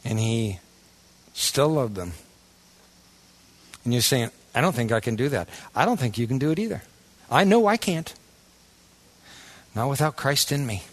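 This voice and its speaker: A man preaching a sermon in a casual, folksy way, swinging from loud, emphatic bursts to hushed asides. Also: medium pitch, lively intonation, unhurried, long pauses. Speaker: pastor.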